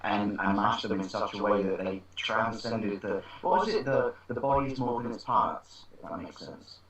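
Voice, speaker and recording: Guy rambling film stories, lowish voice, kinda muffled and echoey. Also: moderate pace, a bit bright, slight background noise. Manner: rambling storyteller with many restarts. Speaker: podcast co-host. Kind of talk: casual film chat. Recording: dull roomy home recording.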